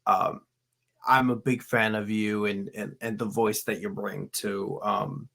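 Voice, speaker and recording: A man co-hosting a fan podcast, telling stories in an animated way with restarts. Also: on the low side, unhurried, vocal fry. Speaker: podcast co-host. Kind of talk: casual podcast chat.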